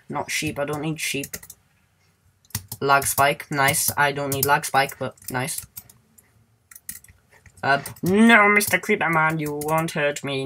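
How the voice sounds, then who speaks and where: A man chatting through his gameplay in a loose, goofy ramble. He hums little tunes, sings snatches to himself and lets out sudden high squeals. Faint keyboard clicks tick away in the background. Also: pushed and bright, slight background noise. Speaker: let's play gamer. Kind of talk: casual gameplay commentary.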